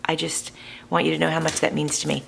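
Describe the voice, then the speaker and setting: A woman's voice: low-pitched, flat delivery, fast talker, vocal fry, slight background noise. A woman hosting a crafting channel, chatting casually and thinking aloud to her viewers as she works in her home art studio. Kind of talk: casual crafting tutorial chat.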